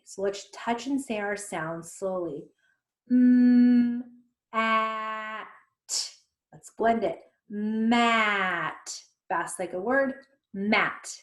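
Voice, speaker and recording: A woman teaching a recorded phonics lesson to young children, patiently sounding out each letter one at a time. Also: mid-range voice. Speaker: reading intervention teacher. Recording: echoey room.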